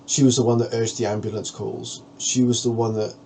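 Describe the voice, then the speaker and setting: A man's voice: mid-range voice, flat delivery, fairly quick, dark tone, a little hiss or hum. A man vlogging, talking frankly and earnestly to the camera about a personal ordeal in a plain-spoken way. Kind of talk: candid personal monologue to camera.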